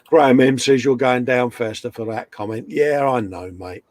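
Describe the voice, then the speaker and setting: A man's voice: medium pitch, moderate pace, darkish tone, no echo. A middle-aged man hosting a casual live stream, chatting, reading viewer comments aloud and slipping in puns.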